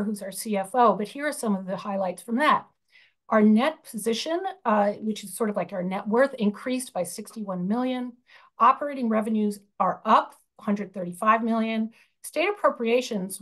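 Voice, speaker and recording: A woman's voice: mid-range voice, a bit bright. A woman chairing a union budget committee, presenting slides over a video call, explaining with frequent fillers and restarts.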